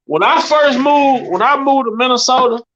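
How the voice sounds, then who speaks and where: A woman from the South, telling stories in an animated, incredulous way during a casual podcast chat. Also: high voice, moderate pace. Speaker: podcast co-host. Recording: slightly dull, lo-fi sound.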